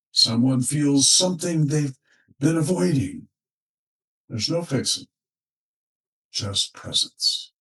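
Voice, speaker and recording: A male relationship counselor delivers a reflective monologue at an unhurried, measured pace, pausing thoughtfully between phrases. His voice sits in an ordinary middle pitch. The microphone is set some distance away, so he sounds slightly removed. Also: fairly bright tone. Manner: slow, measured, with thoughtful pauses.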